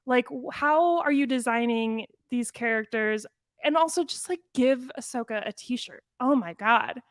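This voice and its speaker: A woman co-hosting a podcast in casual chat, animated and quick, with frequent "like". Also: fairly high pitch, dry recording. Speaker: podcast co-host.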